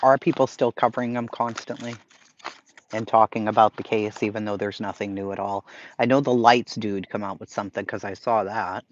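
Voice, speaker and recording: A man's voice: fairly low pitch, steady tone, brisk, no room sound. Blunt, profane Boston man ranting. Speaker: livestream host reading chat. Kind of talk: casual chat. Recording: slightly lo-fi stream audio.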